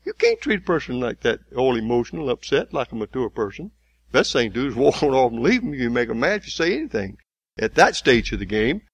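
A man preaching a sermon in a folksy way, building to loud, emphatic, slowly repeated lines. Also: mid-range voice, very animated, slightly rough, muffled recording.

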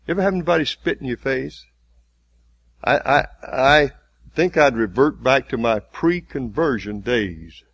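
A man preaching a sermon, retelling a story vividly with halting restarts. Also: mid-range voice, lively intonation, creaky, a bit bright, no echo.

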